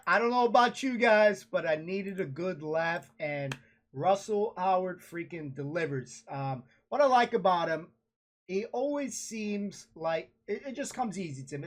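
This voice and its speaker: A man hosting a casual reaction video, bursting into loud excited exclamations. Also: high voice, a little slow.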